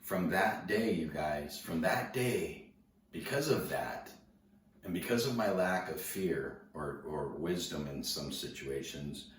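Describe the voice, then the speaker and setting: A man casually telling a story to an audience, laid-back and slangy, animated as he recounts it. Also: deep voice, takes it slowly. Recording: roomy, distant mic, faint noise.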